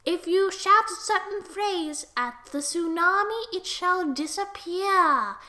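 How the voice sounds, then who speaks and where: A young narrator voicing the gods of a tabletop game, speaking in slow, grand pronouncements. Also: extremely high pitch, pushed and bright, heavily acted. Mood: solemn. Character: solemn gods speaking as one.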